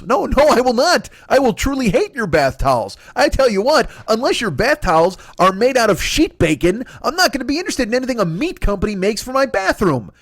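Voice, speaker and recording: A man's voice: extremely high pitch, very animated, fairly quick, hardly any pauses, fairly bright tone, no echo, studio quality. A man doing a solo comedy podcast rant, profane and exasperated. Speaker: comedian host.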